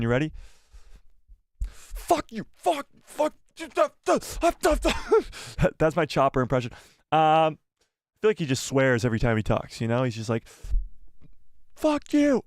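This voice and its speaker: A man hosting a live stream chats casually and excitedly with viewers, hopping from topic to topic. His voice is mid-range, captured in a dry, clean studio recording.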